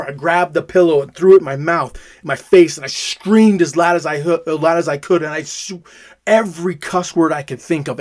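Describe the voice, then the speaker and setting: Emphatic man telling a personal story. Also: on the high side. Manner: emphatic, repeats words for emphasis. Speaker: father telling his recovery story.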